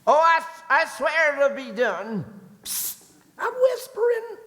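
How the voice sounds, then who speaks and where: A scheming prince with a shrill, sing-song voice, gloating over his own trickery, as a man puts him on. He takes his time over each line, and the large hall gives it a long echo. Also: wildly swooping pitch, takes it slowly, sharp tone, full character voice. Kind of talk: live stage reading of a parody script. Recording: reverberant convention hall.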